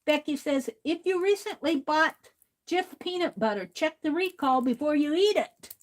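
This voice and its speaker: Drawing as she talks, this high-voiced host of an art livestream keeps an unhurried, chatty pace. She laughs easily and reads viewer comments aloud in casual conversation.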